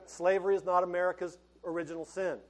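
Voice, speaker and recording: A man's voice: sits high, little pitch movement, fast talker. A middle-aged male pastor preaching a sermon in a folksy, conversational way, laughing and restarting as he talks.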